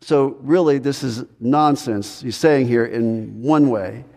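A man preaching a sermon as pastor, earnest and full of rhetorical questions, his voice rising high when he plays a reluctant believer. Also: slow pace, creaky, a little mellow. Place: church sanctuary. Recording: long hall reverb.

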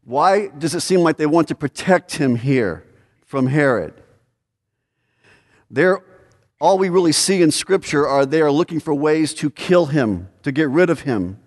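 A man's voice: fairly high pitch, darkish tone. A man preaching a conversational expository sermon, asking questions and pressing his points with emphasis. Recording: hall reverb.

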